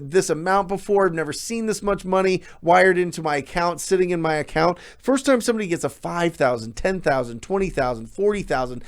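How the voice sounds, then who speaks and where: Man, real estate coach, motivational talk, emphatic, fairly high voice. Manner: energetic, emphatic, repeats words for emphasis.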